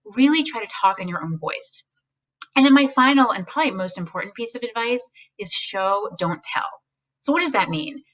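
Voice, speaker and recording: A woman speaking as a guest, giving casual, animated advice on speechwriting and mimicking voices now and then. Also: medium pitch, normal speed, distant mic, low-quality recording. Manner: animated, acts out quoted voices, speaks frankly.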